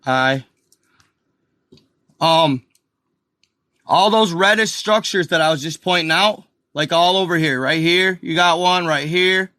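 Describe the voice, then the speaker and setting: A man hosting a casual live commentary, rambling excitably and calling out to viewers as guys and y'all. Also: on the high side, dry recording, studio quality. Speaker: channel host.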